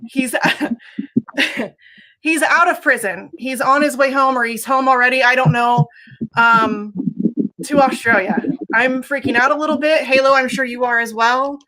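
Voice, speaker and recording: A woman hosts a casual livestream while sick and on the edge of tears. Her voice is bright and sits fairly high. She swears freely and talks in halting bursts full of fillers. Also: fairly even intonation. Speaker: livestream host.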